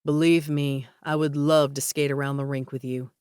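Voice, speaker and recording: A woman's voice: low-pitched, little pitch movement, normal speed, a little mellow, clear, resonant tone, dry recording, studio quality, close to an everyday voice. A woman voicing an earnest male cruise director in an audiobook, dropping her voice a little.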